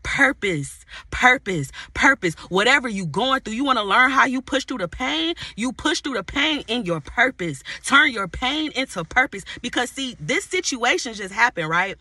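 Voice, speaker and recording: Fervent woman with a very bright voice. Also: a little high, very animated, moderate pace, breathy edge, dry recording, studio quality. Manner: fervent and repetitive, praying aloud to God. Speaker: inner healing and purpose coach. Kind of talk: motivational faith talk to camera. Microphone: camera mic.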